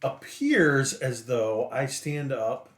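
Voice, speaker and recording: A man's voice: mid-range voice, lively intonation, slow, roomy sound. A man playing a tabletop game, playfully describing his character's actions. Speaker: player. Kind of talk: tabletop game play over a call.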